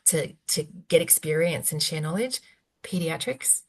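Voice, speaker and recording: A woman's voice: deep voice, unhurried. A middle-aged woman, speaking frankly and with animation as an expert guest on a video call. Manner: frank, animated, self-deprecating asides. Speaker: physiotherapy researcher, webinar guest. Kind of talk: conversational expert Q&A.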